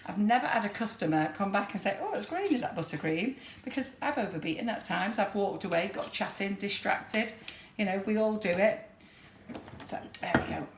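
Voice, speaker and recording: A woman's voice: mid-range voice, moderate pace. Chatty northern English woman baking. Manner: chatty and warm, laughs often. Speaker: baking demonstrator. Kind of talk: live baking demonstration chat. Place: kitchen. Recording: roomy kitchen with background noise.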